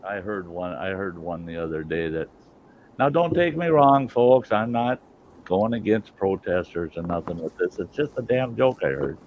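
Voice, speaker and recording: A man's voice: low-pitched, moderate pace, a little hiss or hum. Lo-fi salty joke-telling man. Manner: salty, swears freely, laughs at own jokes.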